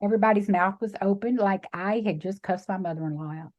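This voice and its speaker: A middle-aged woman with a Texan accent tells her story in an emphatic, animated way and acts out the voices of the people in it. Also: medium pitch, quick pace, lo-fi sound. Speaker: guest, sanctuary founder. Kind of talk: emotional storytelling interview.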